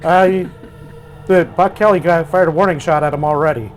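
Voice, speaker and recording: A man's voice: on the high side, steady tone, a little hiss or hum. Hesitant man at a game table. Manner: hesitant, halting with many uhs. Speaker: player. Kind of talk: tabletop role-play, in character. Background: background music.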